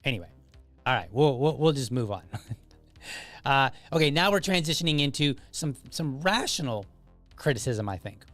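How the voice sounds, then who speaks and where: A man's voice: mid-range voice, lively intonation, normal speed, a bit bright, no room sound, faint music behind. A man hosting his podcast, talking through comments in a loose, conversational way full of restarts and asides. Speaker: podcast host. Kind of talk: casual solo commentary.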